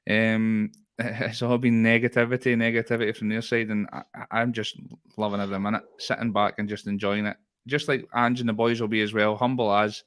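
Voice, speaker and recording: A man with a Scottish accent co-hosting a casual football podcast, talking in a lively, rambling way with frequent laughs and restarts. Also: on the low side, a little fast. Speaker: podcast co-host.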